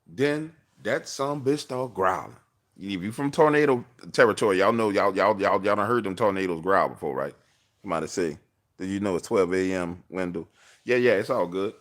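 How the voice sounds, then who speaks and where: Man telling a story from his car, slangy and animated, acts out every line, low pitch with big swings. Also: moderate pace. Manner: slangy, acts out dialogue, laughs often. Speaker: livestream host.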